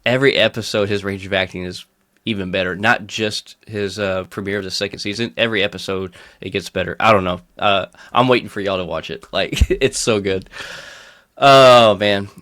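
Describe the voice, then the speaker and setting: A man's voice: fairly low pitch, normal speed, fairly bright tone, no echo, clean studio sound. A man co-hosting a casual pop-culture podcast, rambling with lots of fillers and restarts and laughing often. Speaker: podcast co-host.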